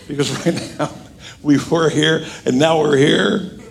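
Middle-aged male pastor, fairly high voice, preaching with animated, joking emphasis. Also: slow pace, gravelly, slight background noise. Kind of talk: sermon.

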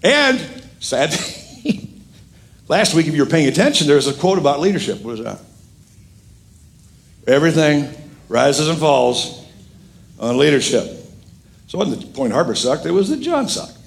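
A middle-aged man preaching a sermon as pastor, animated and emphatic with frequent jokes. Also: fairly high pitch, moderate pace, vocal fry, pauses often.

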